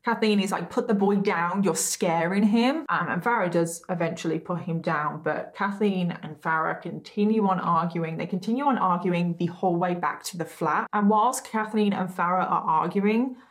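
A woman's voice: lowish voice, moderate pace, hardly any pauses. A woman hosting a true crime show, telling the case in a casual, chatty way, often breaking off into giggles and asides.

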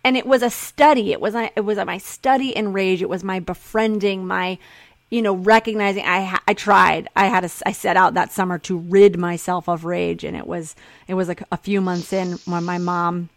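A woman's voice: fairly low pitch, fairly even intonation, normal speed, creaky, dry recording. A woman talking candidly in a casual conversation, swearing freely and acting out her own quotes.

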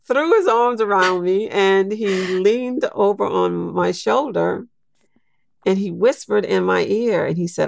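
An older woman, a guest in an interview, telling a personal story in a slow, reflective way. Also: mid-range voice, vocal fry, no echo.

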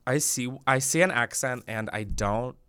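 A man's voice: medium pitch, moderate pace, fairly bright tone, smooth, no echo, studio quality. A man co-hosting a podcast in casual chat, joking, swearing and laughing often. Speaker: podcast co-host.

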